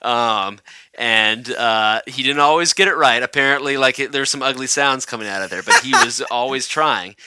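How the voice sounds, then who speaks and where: A man's voice: medium pitch, moderate pace, bright, forceful tone, clear, resonant tone, no echo. A man co-hosting a casual podcast, telling stories in a wry, profane way. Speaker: podcast co-host.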